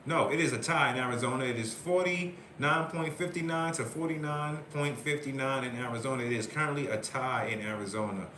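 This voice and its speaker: Excited man reading out election results. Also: mid-range voice, a little fast, few pauses, echoey room, a little hiss or hum. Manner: excited, repetitive, reading out vote counts. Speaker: host. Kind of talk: live election-night commentary.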